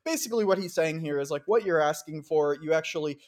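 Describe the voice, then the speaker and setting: A man's voice: on the high side, fast, a little mellow. A man hosting a news podcast in a casual, wry, chatty manner, walking through stories and reading out quotes. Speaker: podcast host.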